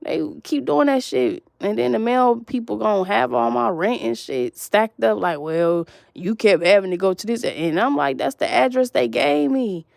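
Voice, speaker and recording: Gravelly-voiced woman ranting. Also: a little high, animated, moderate pace, hardly any pauses, a little mellow, no echo, clean studio sound. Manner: profane, agitated, repetitive storytelling. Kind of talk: rambling monologue to camera.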